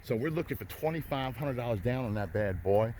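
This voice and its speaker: A folksy man pitches used cars outdoors, calling out prices and ending pitches with "you're riding out." His mid-pitched voice carries faint outdoor noise from the lot around him. He talks to viewers like neighbors and hypes every deal. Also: expressive, brisk, mellow. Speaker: used car dealer. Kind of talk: walk-around car sales pitch.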